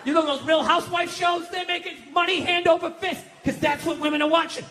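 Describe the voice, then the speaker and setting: A man doing a stand-up comedy set, ranting loudly and profanely, often shouting, on a large outdoor amphitheater stage with a handheld mic. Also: very high-pitched, fairly even intonation, brisk, a little hiss or hum. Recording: echoey live venue with roaring crowd. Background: audience laughing and cheering.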